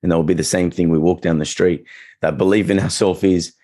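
Low-voiced chatty male dog trainer. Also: a little fast, husky. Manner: relaxed, chatty, acts out quoted reactions. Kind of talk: casual podcast chat.

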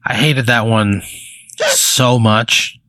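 A man in casual podcast chat, answering in a deadpan, grumbling way. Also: mid-range voice, extremely slow, dry recording.

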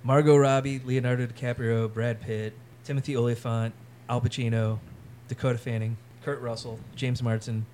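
Man, podcast co-host, mid pitch, plain matter-of-fact delivery, faint room ambience. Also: flat delivery, normal speed, hardly any pauses, a little mellow, a little hiss or hum. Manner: matter-of-fact, reads off release lists. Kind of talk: casual chat.

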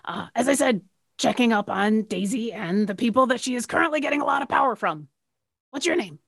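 A woman player in a tabletop game with a gravelly, fry-laced voice, recorded close and dry. She talks in a chatty, playful way. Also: on the high side, animated, brisk, dry recording. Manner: chatty, playful, self-aware. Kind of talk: tabletop role-play.

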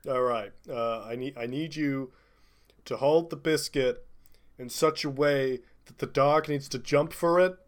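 A man's voice: mid-range voice, a little slow. Laid-back man playing a tabletop game. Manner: laid-back, calls others man and dude. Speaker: player. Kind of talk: casual tabletop game chat.

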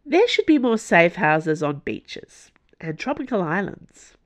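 A woman voicing a practical female special agent with a dry, brisk manner. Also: on the low side, big pitch swings.

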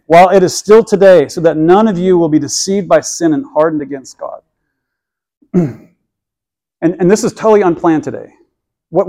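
A man's voice: fairly high pitch, dark tone. A man preaching a sermon, earnest, often repeating words as he builds a point. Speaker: pastor.

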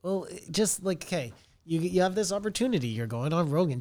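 A man's voice: high-pitched, expressive, a little fast, a little mellow, no room sound. A man co-hosting a podcast, chatting casually in a blunt, emphatic way with frequent swearing. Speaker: podcast co-host. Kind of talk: casual chat.

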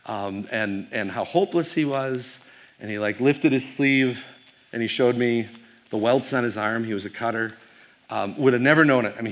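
A man's voice: mid-range voice, fairly bright tone. A man, a pastor, giving a casual keynote talk to a youth audience, telling stories with fillers and quizzing the crowd.

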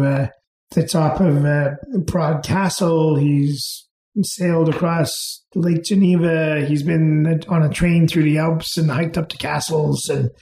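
A man, raised in Canada, telling relaxed, rambling stories as an interview guest, with plenty of fillers and restarts. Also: on the high side, roomy sound. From England, raised in Canada. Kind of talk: casual storytelling.

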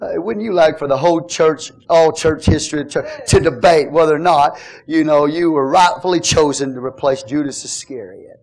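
A man preaching a fervent sermon, calling out to the congregation and shouting at the peaks. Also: on the high side, moderate pace. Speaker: pastor.

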